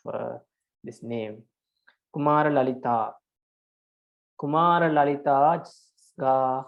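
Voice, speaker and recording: Buddhist monk teaching verse meters. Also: male voice, medium pitch, gravelly, darkish tone, dull audio. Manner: patient, counts syllables aloud, frequent hesitations. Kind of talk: online class lecture.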